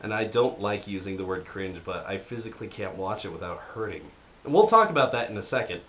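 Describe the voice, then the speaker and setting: A young American man co-hosting a podcast in casual chat, rambling and jokey, often trailing off quietly. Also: fairly low pitch, expressive, fast. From United States. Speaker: podcast co-host.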